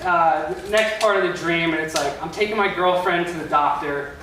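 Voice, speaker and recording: A man's voice: fairly high pitch, normal speed, crowd noise. A young man doing a rambling stand-up comedy set in a club, loose and full of filler words. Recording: echoey club from a distance with noise.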